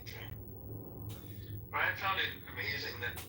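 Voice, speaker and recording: A man of middling pitch explains things in an easy, conversational way. He is heard from a distance in a roomy space, with clear background noise under his voice. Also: expressive, normal speed. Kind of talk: casual chat. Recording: distant mic in an echoey room with noise.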